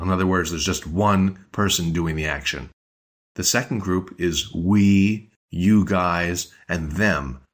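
Male teacher, husky low voice, measured scripted lesson delivery. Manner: measured, explanatory. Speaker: language teacher.

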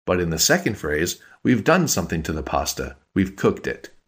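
A man co-hosting a scripted podcast language lesson, calmly explaining grammar rules with examples. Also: sits low, moderate pace, breathy edge.

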